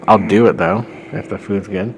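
A man hosting a podcast, casually recapping a fan story series, chatty and often laughing and clearing his throat. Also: lowish voice, fairly even intonation, moderate pace, slight background noise. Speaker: podcast host.

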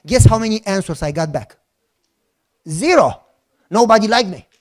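A middle-aged man with a Romanian accent preaches, spinning a story with an animated, joking delivery. He acts out both sides of the conversations he is recounting, keeping the sermon lively. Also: high voice, moderate pace. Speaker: pastor.

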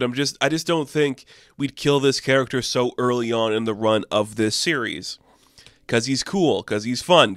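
A man casually recapping a comic book issue, loose and profane, with lots of "like" and quick offhand asides. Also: medium pitch, a bit bright, dry recording, studio quality. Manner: loose and profane, full of "like", acts out characters in passing.

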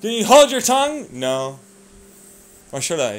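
A man rants at the camera in a loose, rambling monologue, swearing freely and lurching between low mutters and sudden bursts. His voice sits fairly high for a man and swoops up and down a great deal. A faint hiss of background noise runs under the recording. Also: sing-song, measured pace. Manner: profane, rambling, swings between mutters and shouts. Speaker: vlogger. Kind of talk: ranting monologue.

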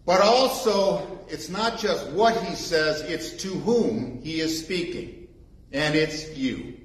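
A male pastor preaches slowly and deliberately, leaning on repeated phrases to drive each point home. His voice sits a little higher than most men's. The sound carries the roomy echo of a church sanctuary. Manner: emphatic, repeats key phrases for weight. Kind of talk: sermon with scripture reading.

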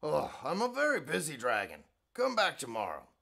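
A man's voice: on the high side, wildly swooping pitch, normal speed, gravelly, a bit bright, full character voice. A man voicing a boastful, lazy male dragon in a bedtime storybook reading, grumbling and self-important. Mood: dismissive.

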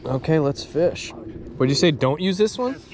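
Jokey fishing vlog guy, kinda high voice, laid back banter. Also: animated, normal speed, background noise. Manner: joking, easygoing, laughs often. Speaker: fly fishing video host. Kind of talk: casual vlog narration and on-river banter.

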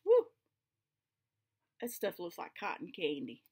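A woman's voice: on the low side, wildly swooping pitch, measured pace, dark tone, husky. A woman with a Southern US accent chatting casually to camera from her home craft room, homey and enthusiastic. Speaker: flosstube vlogger.

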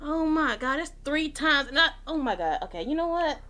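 High, lively woman gamer, panicky. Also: normal speed. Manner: panicky, swearing, shrieking when chased. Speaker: gaming channel host. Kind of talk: horror game let's play commentary.

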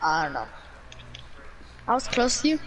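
A woman's voice: mid-range voice, sing-song, moderate pace, a crowd in the background. A woman chatting casually over a game, playful and fond of repeating silly quacking noises. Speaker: gamer. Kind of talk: casual gameplay chat.

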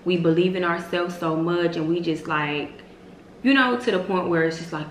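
A woman in her twenties giving emphatic, repetitive motivational faith talk as a vlog host, with sudden loud high exclamations. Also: normal speed. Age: 20s. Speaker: vlogger host. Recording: roomy echo with faint hiss.

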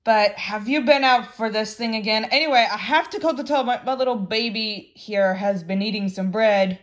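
A woman's voice: a little high, normal speed, fairly bright tone. A woman puppeteer rambling chattily through a puppet show.

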